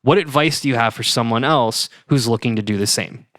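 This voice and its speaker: A man impersonating an awkward, deadpan male interviewer who stammers politely. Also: medium pitch, brisk, no room sound, clean studio sound, lightly acted. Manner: hesitant, deadpan.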